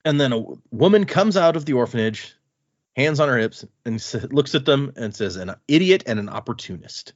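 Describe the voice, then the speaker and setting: Animated man in casual book chat, mid pitch, muffled dry recording. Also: moderate pace, dry recording. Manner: animated, chatty retelling. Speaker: podcast co-host.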